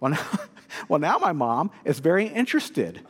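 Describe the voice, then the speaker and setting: High-voiced man preaching in a hall. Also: normal speed, slightly rough. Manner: lively humorous storytelling. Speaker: pastor. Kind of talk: sermon. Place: church sanctuary. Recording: long hall reverb.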